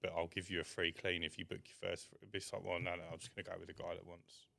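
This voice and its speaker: A man speaks in a very deep, gravelly voice. He chats bluntly on a podcast and swears casually as he talks business. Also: completely flat delivery, fast, fairly bright tone. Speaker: podcast co-host, window cleaner. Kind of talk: casual chat.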